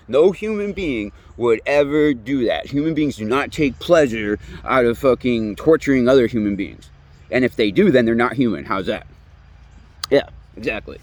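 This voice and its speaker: A man in his late thirties giving a profane, rambling, heated monologue outdoors. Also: mid-range voice. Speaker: vlogger. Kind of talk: ranting monologue. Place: outdoors near woods.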